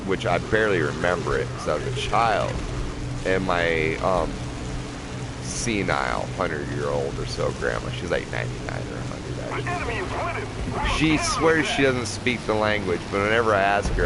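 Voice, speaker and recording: A man's voice: low-pitched, animated, moderate pace, vocal fry. A man giving casual, profane gameplay commentary, rambling and laughing often. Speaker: gamer playing a flight combat game. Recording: game noise in the background.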